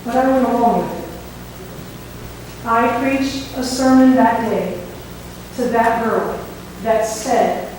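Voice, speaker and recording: A woman pastor preaching a sermon, telling a story in a conversational, animated way. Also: on the high side, slow pace, pauses often, slight background noise. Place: church sanctuary. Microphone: microphone that cut out. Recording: echoey hall, voice from far off.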